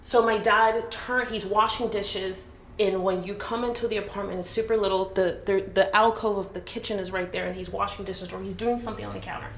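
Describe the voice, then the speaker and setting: A woman from Jamaica telling a painful personal story in an earnest, halting way, with many restarts. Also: medium pitch, steady tone, gravelly, a little hiss or hum. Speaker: business owner telling her story. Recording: roomy echo.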